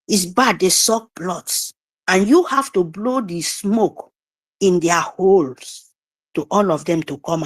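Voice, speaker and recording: A woman giving an impassioned, repetitive speech to listeners on a group audio call. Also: mid-range voice. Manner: exhorting, repetitive, slow emphatic pleading. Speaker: guest speaker.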